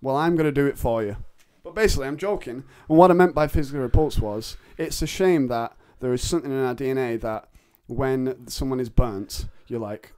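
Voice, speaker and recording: A man's voice: medium pitch, fairly quick, hardly any pauses, a little mellow, no echo, clean studio sound. A man hosting a podcast from his bedroom, chatting in a rambling, jokey and crude way and laughing often. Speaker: podcast host. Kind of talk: casual chat. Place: bedroom at home.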